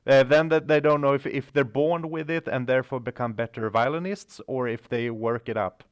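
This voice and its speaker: Smooth-voiced man hosting a podcast. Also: mid-range voice, normal speed. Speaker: podcast host. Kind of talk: podcast interview.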